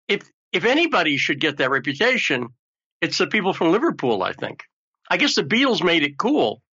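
A male talk show host rambling along in a joking, chatty way. His voice sits a bit high and sounds bright and forward. The audio is somewhat muffled and lo-fi. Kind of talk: casual talk show chat.

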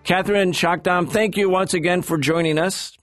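A man hosting a political radio talk show, asking questions in a measured, deliberate way. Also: sits high, fairly even intonation, fairly bright tone, soft background music.

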